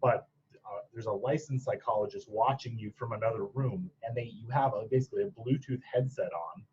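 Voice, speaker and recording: A man's voice: fairly low pitch, fairly quick, a little mellow, highs cut off, a little hiss or hum. A man from Michigan's Upper Peninsula, a podcast guest talking casually about his clinical training, rambling with many restarts and laughs. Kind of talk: casual interview chat.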